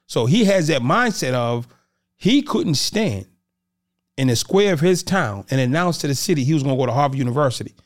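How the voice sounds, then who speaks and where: A man's voice: mid-range voice, a little fast. A man from the Boston area in casual conversation as a podcast guest, telling stories and acting out what others said. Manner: animated, acts out quotes of others.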